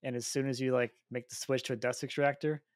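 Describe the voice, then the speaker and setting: A man co-hosts a podcast in a mid-pitched voice, recorded dry and close. He talks in a hesitant, wry way, full of fillers. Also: little pitch movement, fast talker, no echo. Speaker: podcast co-host. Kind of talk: casual podcast chat.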